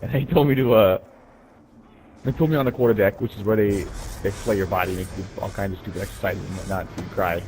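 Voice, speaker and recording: A man's voice: fairly low pitch, steady tone, fast, rough recording. A man casually telling profane, rambling stories while gaming, often tossing in "right?". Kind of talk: casual storytelling.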